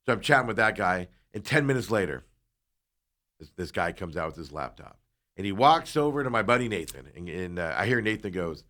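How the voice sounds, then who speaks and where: With a deep, expressive voice and a brisk delivery, the man co-hosting a talk show relates a long story in a relaxed way. He plays the characters animatedly and sometimes lowers into quiet side comments.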